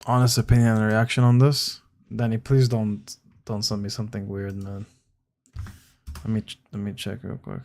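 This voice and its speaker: A man's voice: on the low side, level tone, normal speed, a little mellow. A young man chatting casually, blunt and slangy, reacting with disbelief. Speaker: streamer reacting to chat. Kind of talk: casual chat.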